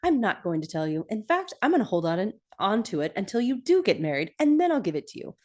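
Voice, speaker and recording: A woman's voice: mid-range voice, very animated, fast talker, darkish tone, pitched above the performer's own voice. A woman doing a stern, prim older mother.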